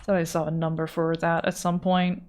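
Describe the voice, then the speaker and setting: A woman's voice: sits low, level tone, moderate pace, darkish tone. Chatty Dutch-accented woman streamer. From Netherlands. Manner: chatty and rambling, casual swearing. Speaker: art streamer. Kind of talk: casual chat while drawing on a livestream.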